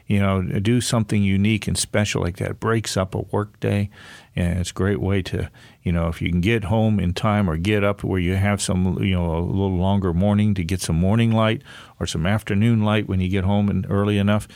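Older man, low dry voice, rambling advice. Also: fairly even intonation, fairly quick, creaky, darkish tone, dry recording. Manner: rambling, folksy, lots of "you know". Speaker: natural health doctor, guest expert. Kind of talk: casual health talk show chat.

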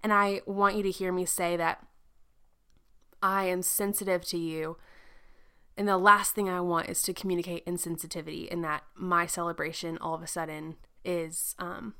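A woman's voice: fairly low pitch, pushed and bright, clear, resonant tone. A young woman hosting a podcast in casual chat, chatty and laughing often, slipping into playful sound effects. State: pregnant. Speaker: podcast host.

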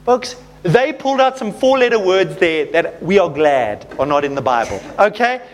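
A man preaching a sermon, reading scripture aloud and commenting with animated emphasis. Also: high voice, normal speed.

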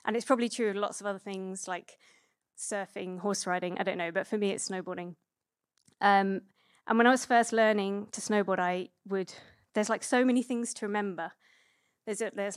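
A woman in her thirties preaches in an easy, chatty way, full of little fillers and restarts. Her voice sits at an ordinary middle pitch. The sound is dry and close, with no room echo. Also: a little fast. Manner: chatty and relaxed, with many fillers and self-corrections. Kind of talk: conversational sermon.

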